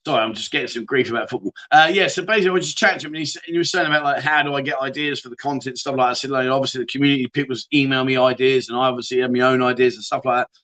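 A man's voice: medium pitch, steady tone, very fast, hardly any pauses, fairly bright tone. A middle-aged man hosting a casual livestream, reading out viewer comments and bantering with them in a chatty, jokey way. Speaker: livestream host.

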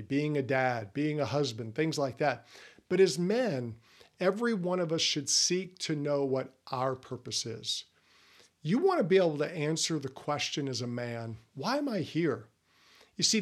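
A middle-aged man giving an earnest faith-based talk to men, speaking to the listener in a personal way. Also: on the high side.

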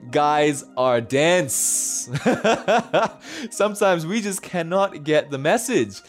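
Animated male pastor preaching with laughter. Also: a little high, takes it slowly, soft background music. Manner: animated, laughs often, conversational. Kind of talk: sermon.

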